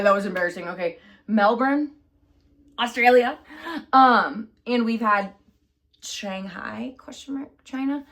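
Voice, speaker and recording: A woman's voice: fairly high pitch, measured pace, long pauses, fairly bright tone. A woman vlogger chatting casually to camera, scattered and self-deprecating, losing her thread often. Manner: scattered and self-deprecating, many fillers and restarts. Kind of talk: rambling casual chat to camera.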